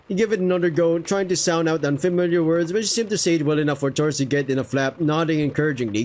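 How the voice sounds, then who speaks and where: Young man, reads game text aloud, casual, curses at his mistakes, slightly high voice. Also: fast talker, few pauses, darkish tone. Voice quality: casual, swears in reactions. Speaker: visual novel player reading aloud. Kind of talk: reading a game aloud with asides.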